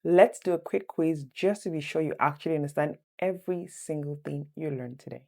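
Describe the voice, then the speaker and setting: Woman tutor, low mellow voice; slow repeated phrases with chatty asides. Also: creaky. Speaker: French teacher. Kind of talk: online language lesson.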